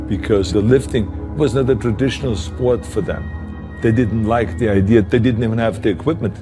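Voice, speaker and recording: A man with a German accent giving an emphatic motivational talk, driving his points home with repeated phrases. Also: on the low side. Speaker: motivational speaker. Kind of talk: motivational speech and interview clips.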